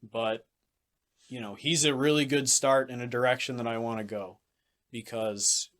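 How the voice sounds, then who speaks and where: A man talking on a casual sports podcast. His voice sits at an average pitch. He is blunt and ranting and swears freely. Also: steady tone, normal speed, fairly bright tone. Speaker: podcast co-host.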